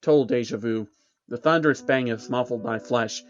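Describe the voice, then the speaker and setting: A man's voice: mid-range voice, moderate pace, heavy background noise. A man narrating a first-person horror story in a tense, dramatic storytelling voice. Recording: dull recording with background music.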